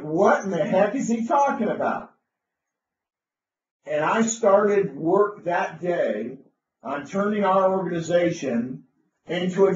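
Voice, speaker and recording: A man's voice: high-pitched, darkish tone, slight background noise. A man telling an enthusiastic, rambling business story, with frequent restarts. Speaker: business speaker. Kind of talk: anecdotal storytelling talk. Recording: roomy, distant, dull lo-fi sound.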